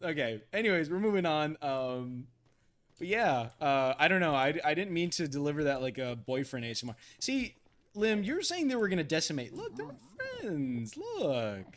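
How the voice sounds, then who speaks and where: A man chatting on a gaming live stream with a rather high voice that swings widely in pitch. He stammers, trips over his words and breaks into laughter often, sounding flustered. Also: animated, normal speed, a little hiss or hum.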